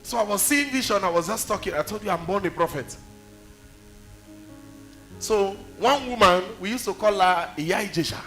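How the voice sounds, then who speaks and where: A Nigerian-accented man preaches in a high, bright, forceful voice. He tells stories with emphasis and fires off rhetorical questions at the congregation. Faint music plays underneath. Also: expressive, normal speed, pauses often. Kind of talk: sermon.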